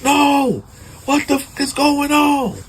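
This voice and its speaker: A man's voice: extremely high pitch, flat delivery, slow, slight background noise, pitched above the performer's own voice, poor audio. A man playing a grief-stricken husband who screams and sobs in frantic disbelief over his slain family. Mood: anguished screaming. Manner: shouting, sobbing, frantic.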